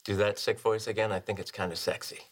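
A man's voice: on the low side, level tone, fast, lightly acted. A man playing a charming, teasing fireman. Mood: coaxing. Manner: teasing, flirtatious banter. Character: charming, playful fireman lover. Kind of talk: sitcom acting.

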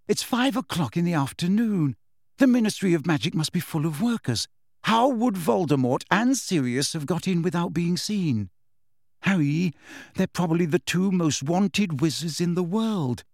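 A man's voice: high-pitched, lively intonation, moderate pace, darkish tone, dry recording, studio quality, pitched above the performer's own voice. A man voicing a frightened, bookish teenage witch who pleads and reasons, in an audiobook reading. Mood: anxious, reasoning.

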